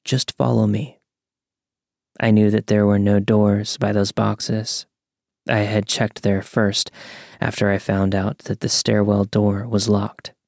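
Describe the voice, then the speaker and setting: A young man calmly narrating a true scary story from a script. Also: fairly low pitch, no echo, clean studio sound. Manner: calm, measured storytelling.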